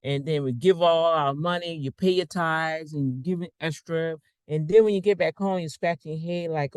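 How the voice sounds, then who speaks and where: A man's voice: fairly high pitch, normal speed, clean tone, dry recording. A man giving a casual, rambling online talk as a financial coach, preaching with asides while sharing his screen.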